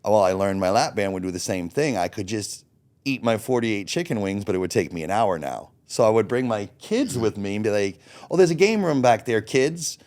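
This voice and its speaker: A man's voice: lowish voice, fairly quick. A man in his late forties, a guest telling his own story in a candid, blunt way, swearing freely and acting out his own past thoughts. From Florida. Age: 40s. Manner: blunt, swears freely, animated when quoting himself. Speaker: interview guest.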